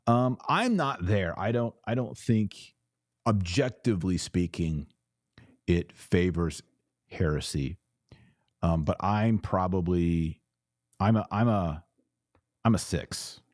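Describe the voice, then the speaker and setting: A man's voice: deep voice, lively intonation, slow, long pauses, darkish tone, no echo, clean studio sound. A man hosting a livestream, reading viewer comments aloud and answering them in an earnest, emphatic way that often repeats phrases. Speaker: host reading super chats.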